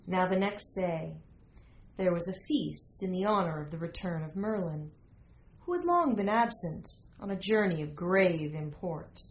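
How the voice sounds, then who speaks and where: A woman reads a storybook aloud at a slow, unhurried pace, her delivery measured and old-fashioned. The sound is slightly muffled and dull. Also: lowish voice, animated, slight background noise. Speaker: narrator. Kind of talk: storybook reading.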